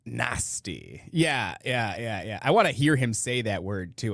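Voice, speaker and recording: A male podcast host riffing sarcastically over clips he plays. His voice sits at a middling pitch and the sound is dry and close, with no room around it. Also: very animated, measured pace, vocal fry, few pauses, a bit bright, no room sound. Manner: sarcastic, mocking, rambling asides. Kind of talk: casual commentary over clips.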